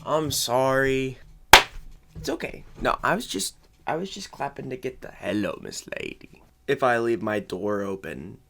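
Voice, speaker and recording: Rambling young man, lively pitch. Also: moderate pace, gravelly. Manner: rambling, self-deprecating, thinking aloud. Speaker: commentary host. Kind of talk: off-the-cuff commentary. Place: at home in his room. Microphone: separate microphone synced to camera.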